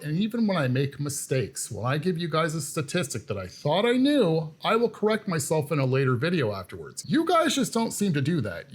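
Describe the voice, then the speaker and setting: Guy doing reaction commentary, mocking, pitch all over the place, bit higher voice. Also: husky. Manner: mocking, lecturing.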